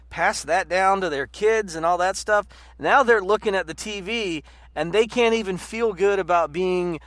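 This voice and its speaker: A man in casual political chat, rambling and animated with lots of "like" and restarts. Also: fairly high pitch, no echo. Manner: rambling, animated, heavy use of "like".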